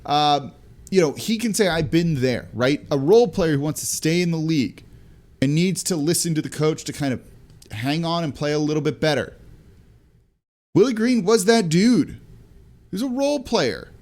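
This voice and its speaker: Guy hosting a solo sports podcast, talking fast and chatty, lots of quick asides. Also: on the high side. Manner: energetic, conversational, fast asides. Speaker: podcast host.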